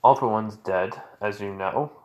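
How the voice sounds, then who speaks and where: A man's voice: lowish voice, a little slow, darkish tone, natural voice. A man doing a casual young hero guild master.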